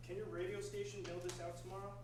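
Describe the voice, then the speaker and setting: A man performing dry, deadpan lines in a live comedy sketch. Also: high-pitched. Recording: echoey stage from far off, noisy.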